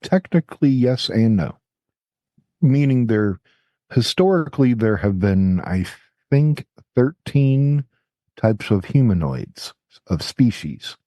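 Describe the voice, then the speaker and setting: A man's voice: lowish voice, animated, a little slow, mellow, dry recording. A man co-hosting a podcast in casual chat, teasing and wisecracking. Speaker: podcast co-host.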